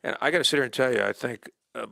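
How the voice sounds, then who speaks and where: Gravelly sports show host guy, chatty and jokey, dry sound. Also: medium pitch, rapid-fire, sharp tone, no room sound. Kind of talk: sports talk show interview.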